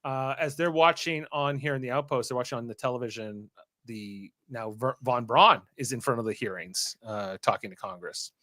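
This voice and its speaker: Bright-voiced man recapping a show. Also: mid-range voice, no echo. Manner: retells scenes, acting out character lines in quick voices. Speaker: podcast host. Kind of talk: casual recap chat.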